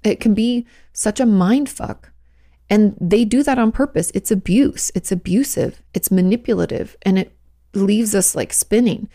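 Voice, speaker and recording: A woman hosting a podcast as a therapist, giving casual, frank advice. Her voice carries a steady gravelly fry, and she talks in a loose, conversational way, full of "like" fillers. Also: medium pitch, measured pace.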